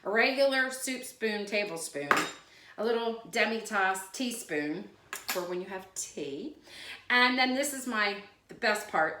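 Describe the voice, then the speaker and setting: A woman's voice: medium pitch, sharp tone. A woman hosting a home cooking video, chatting casually and wandering into side stories as she demonstrates a recipe in her kitchen. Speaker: cooking channel host. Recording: echoey room with faint noise.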